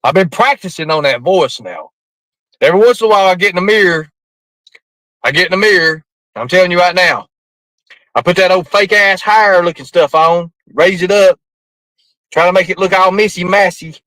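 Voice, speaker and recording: A man's voice: high-pitched, moderate pace, long pauses, bright, forceful tone, no room sound, low-quality recording. A man ranting defensively to his live-stream chat, swearing often and rambling from point to point. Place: outdoors at night in the rain.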